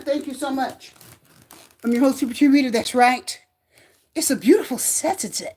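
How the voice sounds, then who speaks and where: A woman hosting a live tarot reading stream, chatting casually and greeting viewers by name in a sing-song, drawn-out way. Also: on the high side, a little mellow, slight background noise.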